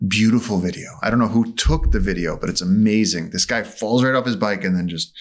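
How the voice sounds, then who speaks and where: Low-voiced man telling vivid stories. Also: sing-song, quick pace. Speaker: podcast guest. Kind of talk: animated storytelling in conversation. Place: studio.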